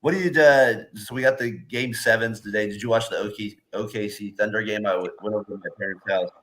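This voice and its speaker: A man's voice: lowish voice, fairly even intonation, fast, fairly bright tone, a little hiss or hum. A man co-hosting a sports podcast in casual chat, rambling with lots of fillers and laughing often. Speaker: podcast co-host.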